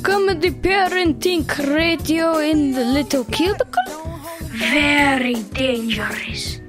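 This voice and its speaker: A woman's voice: sits high, slow pace, over music. A woman co-hosting a comedy radio show with quizzical, teasing remarks.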